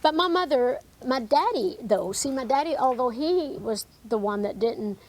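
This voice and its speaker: A woman's voice: high-pitched, animated, normal speed, darkish tone, poor audio. A woman in her sixties with a Southern mountain accent, telling family stories as an interview guest in a folksy, rambling way full of fillers. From Tennessee, USA. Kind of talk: emotional interview storytelling.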